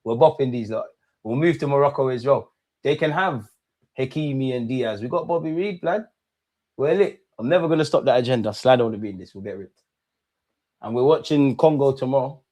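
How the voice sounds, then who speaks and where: A young man hosting a live football watch-along, talking in slang, animated and prone to bursts of excitement. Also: medium pitch, a little fast.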